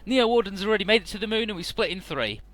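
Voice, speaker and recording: A chatty man recaps a game's plot in a relaxed let's-play style, peppering it with fillers. His voice sits a bit high and sounds bright and sharp. Quiet game music runs behind him. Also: fast talker. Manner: chatty, fills with "uh" and "he's like". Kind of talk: casual game story recap.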